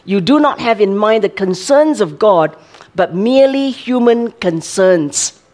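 A woman's voice: mid-range voice, lively intonation, measured pace, a little mellow. An older woman, a grandmother, preaching a sermon in a conversational way, often checking with listeners and laughing.

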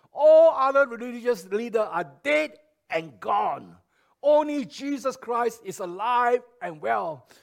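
Slow, high-voiced preaching man. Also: creaky. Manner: emphatic preaching with repeated phrases, swinging between loud and soft. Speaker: pastor. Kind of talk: sermon.

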